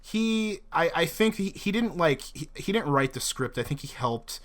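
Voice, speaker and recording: Excitable man rambling about a film. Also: fairly high pitch, normal speed, a crowd in the background. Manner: excited, rambling, many restarts. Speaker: podcast co-host. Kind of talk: casual film discussion.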